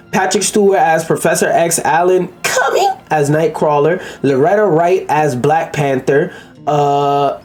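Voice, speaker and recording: A man's voice: fairly high pitch, a little slow, a little mellow, faint music behind. Crude, rambling man reacting to news. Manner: crude, joking, rambling, stumbles over names. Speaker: commentary YouTuber. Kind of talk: casual reaction commentary.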